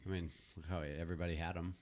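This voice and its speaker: A man's voice: low voice, little pitch movement, racing, a little mellow. A man in casual podcast chat, talking matter-of-factly.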